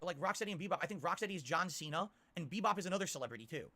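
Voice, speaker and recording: Complaining man with a high, bright voice. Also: animated, racing. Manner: complaining, insistent, keeps asking "okay?". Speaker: streamer. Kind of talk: ranting stream commentary.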